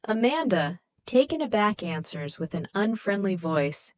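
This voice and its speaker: A woman narrating an audiobook in scripted, expressive storytelling. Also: mid-range voice, measured pace, hardly any pauses, no echo.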